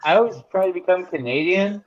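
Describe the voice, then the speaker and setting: A man's voice: high voice, fast, a loud crowd. A man chatting casually as a podcast co-host, rambling with lots of fillers. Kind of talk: casual chat. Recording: dull lo-fi mic.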